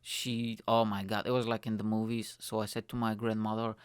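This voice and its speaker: A man's voice: fairly low pitch, brisk, clean tone, no echo, clean studio sound. A young man from Bulgaria hosting his own show, telling a long, rambling personal story and acting out the voices of people in it. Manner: rambling, animated, acts out quoted voices. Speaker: podcast host. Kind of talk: casual storytelling monologue.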